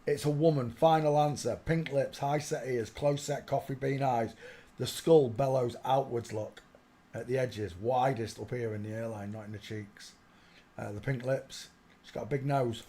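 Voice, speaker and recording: A man hosting a casual livestream, commenting while he searches through images, often muttering quietly to himself and breaking into loud laughing outbursts. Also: mid-range voice, steady tone, normal speed. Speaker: livestream host.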